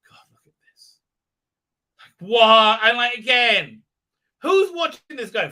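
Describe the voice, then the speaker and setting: A man's voice: high-pitched, animated, unhurried, long pauses, sharp tone. A man hosting his own channel, recapping an episode in a mocking rant. He fills his talk with "uh, uh" and keeps asking "right?", and mimics the characters in exaggerated voices. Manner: heavy "uh, uh" fillers and repeated "right?". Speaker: channel host.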